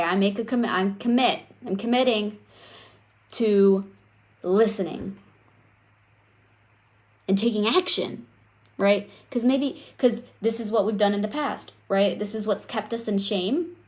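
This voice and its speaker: A young adult woman giving a live coaching talk on self-worth, speaking straight to her viewers in a lively, conversational way. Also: medium pitch, a little slow. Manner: animated, conversational, addresses viewers directly.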